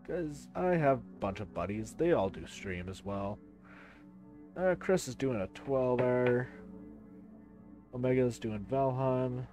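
Male streamer, middle pitch, animated and casual, faint music behind. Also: slow, pauses often. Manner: animated, chatty, swears casually. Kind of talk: casual live-stream sign-off.

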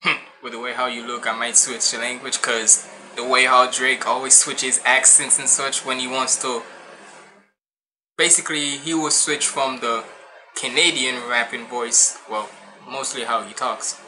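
A young man with a very bright, sharp-edged voice, giving casual reaction commentary. He talks loose and slangy, swears freely and breaks into laughs easily. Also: medium pitch, flat delivery, a little slow, slight background noise. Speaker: reaction video host.

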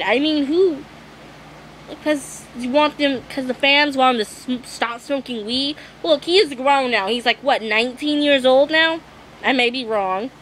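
High-voiced young woman ranting to camera. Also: a bit bright, slight background noise, rough recording. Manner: exasperated, swearing, apologetic. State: losing her voice. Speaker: vlogger. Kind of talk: ranting vlog monologue.

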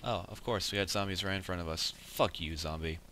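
Young male let's player, deep and edgy, easily annoyed, swears constantly; faint background hiss. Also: steady tone, fast, pushed and bright. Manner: frustrated, swears often, mutters at the game. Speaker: let's play gamer. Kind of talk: casual gameplay commentary.

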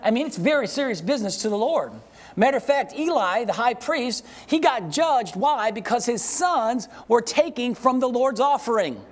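A man pastor preaching a sermon to a congregation, asking rhetorical questions, leading call-and-response, and slowing down to read scripture with emphasis. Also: very high voice, expressive. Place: church service with congregation.

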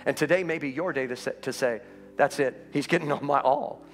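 A man pastor preaching an Easter sermon in a church, his voice rising high and urgent as he presses his point. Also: brisk. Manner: impassioned preaching that climbs in pitch and urgency. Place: church sanctuary.

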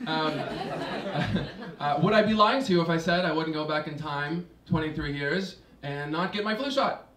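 A young man doing a stand-up set, halting with lots of fillers and restarts. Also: a little high, fairly bright tone. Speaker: stand-up comedian. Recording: roomy, distant mic, hissy noise.

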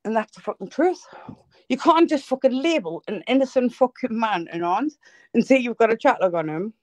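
A woman's voice: on the high side, lively intonation, brisk, no echo, poor audio. A woman hosting a live stream, ranting in a sweary, heated, blunt way. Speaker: livestream host.

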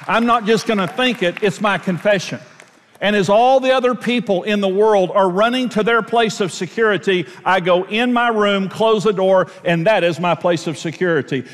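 A man's voice: high-pitched, a bit bright, in a large hall. A man preaching a sermon, earnest and emphatic, repeating phrases to drive points home. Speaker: pastor. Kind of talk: sermon teaching.

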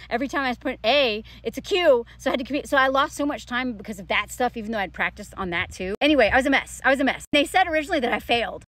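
A woman's voice: fairly high pitch, fairly bright tone. A woman in her thirties telling a personal story in a rambling, emotional storytime vlog, full of restarts and fillers. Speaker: vlogger. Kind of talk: casual storytime monologue.

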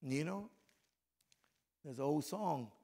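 A middle-aged man preaching to a men's breakfast with a voice worn hoarse from yelling, conversational and then fervent in prayer. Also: fairly high pitch, expressive, slow. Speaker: pastor.

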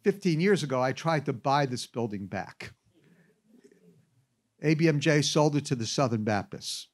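A man giving an anecdotal classroom lecture, telling stories with wry asides. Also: mid-range voice. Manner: animated storyteller with wry asides.

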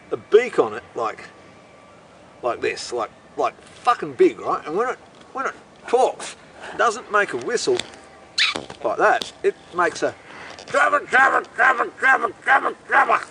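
A man telling a rambling comic story, animated and profane, breaking into bird impressions, recorded outdoors. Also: fairly high pitch, normal speed. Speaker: comedic monologuist. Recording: voice distant from the mic with faint outdoor noise.

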